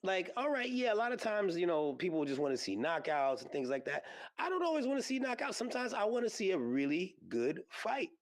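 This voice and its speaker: A man hosting a podcast, chatting casually and rambling with lots of fillers and excited exclamations. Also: sits high, fairly quick. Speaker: podcast host. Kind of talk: casual solo podcast chat about combat sports. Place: podcast studio.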